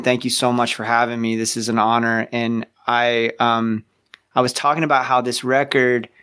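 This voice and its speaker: A middle-aged man from the American South talks in a loose, rambling way, trailing off and circling back. His voice sits at an ordinary mid pitch. He chats as a guest on a casual podcast. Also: a bit bright, smooth. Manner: chatty, rambling, self-deprecating. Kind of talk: casual chat.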